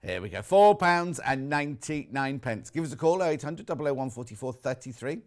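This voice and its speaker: On a live TV shopping channel, a British-accented male presenter chats casually and reads out viewer messages. His mid-range voice is expressive and brisk, suited to live sales chat.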